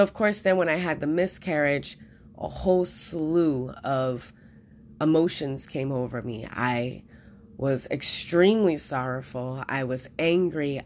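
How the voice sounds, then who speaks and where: A young woman hosting a podcast, talking earnestly through a personal reflection with frequent fillers and restarts. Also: sits low. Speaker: podcast host.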